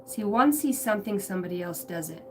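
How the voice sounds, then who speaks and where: A woman gives a loose, rambling spiritual reading outdoors on a ranch, often searching for words and swearing casually. She sits well back from the microphone, and clear music plays behind her voice. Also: mid-range voice, lively intonation, quick pace, recorded from a distance. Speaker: spiritual channeler. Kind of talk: livestream intuitive reading. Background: music, passing pickup trucks.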